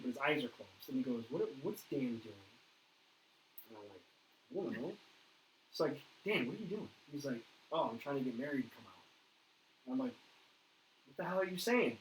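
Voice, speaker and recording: A male paranormal investigator host with a slightly high voice tells stories in an animated way during a casual interview, acting out the quoted dialogue. The room is echoey, with faint background noise.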